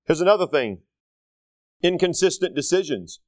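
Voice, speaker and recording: A man's voice: on the high side, animated, moderate pace, dry recording, clean studio sound. A middle-aged man preaching a sermon in a church, conversational and full of rhetorical questions to the congregation. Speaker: pastor.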